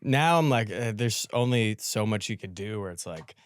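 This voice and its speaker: Young podcast host, dry close sound. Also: male voice, lowish voice, expressive, normal speed, smooth, no room sound. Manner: laughs often, reflective, trails off softer. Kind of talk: casual chat.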